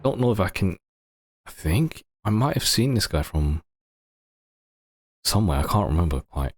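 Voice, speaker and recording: A man's voice: low-pitched, sing-song, normal speed, no room sound, clean studio sound. A man live-streaming a game, reacting in a chatty, wry way. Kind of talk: casual live-stream commentary.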